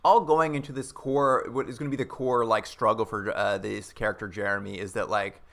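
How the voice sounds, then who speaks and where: Man, podcast co-host, tense bright voice, casual rambling recap, playful put-on voices. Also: fairly low pitch, steady tone, a little fast, creaky. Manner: rambling, joking, acts out quotes in playful voices. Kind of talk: casual chat recapping a TV episode.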